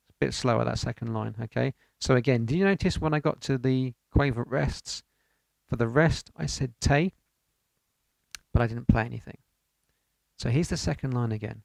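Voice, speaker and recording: A man's voice: medium pitch, animated, normal speed, vocal fry. A man teaching an online piano lesson, encouraging and counting rhythms aloud. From United Kingdom.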